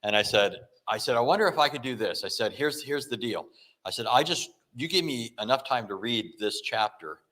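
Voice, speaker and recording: A Christian apologetics speaker with a mid-range, fairly bright voice gives a talk, moving a little fast with lively intonation. He tells a story and acts out the dialogue, constantly correcting himself and restarting.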